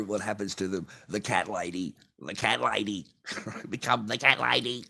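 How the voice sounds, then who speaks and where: A man's voice: fairly low pitch, a little slow, vocal fry, bright, forceful tone, slightly rough. An Australian man vlogging from his garage, telling a rambling, swear-filled story with bursts of laughter. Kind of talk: casual profane rant to camera. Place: home garage.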